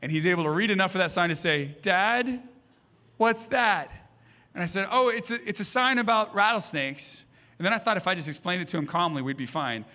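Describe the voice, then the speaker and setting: Bright-voiced pastor preaching with humor. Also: male voice, sits high, expressive, fast talker. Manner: humorous storytelling, acting out voices. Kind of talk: sermon. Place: church stage.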